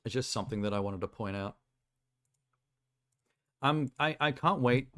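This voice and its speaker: A man's voice: medium pitch, normal speed, a bit bright. A man streaming from home, chatting casually and rambling through his reactions with frequent laughter. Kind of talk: casual live-stream chat.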